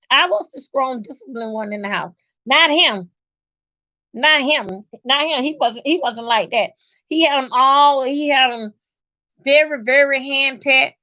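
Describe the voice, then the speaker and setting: Bright, high-voiced middle-aged woman telling stories. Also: no room sound. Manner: animated, emphatic, salty with cursing. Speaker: vlogger. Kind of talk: casual storytelling. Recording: dull lo-fi recording.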